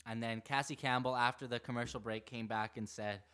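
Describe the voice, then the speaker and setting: A man's voice: medium pitch, fairly quick, smooth. A man co-hosting a casual sports podcast, easygoing and teasing his partner. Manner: teasing, easygoing, defends his point calmly. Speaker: podcast co-host.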